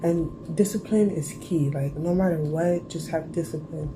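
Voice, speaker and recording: A woman's voice: low-pitched, normal speed, noisy background. A teenage girl with a stuffy cold, chatting casually to camera in a rambling vlog, full of "like" and "bro". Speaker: lifestyle vlogger.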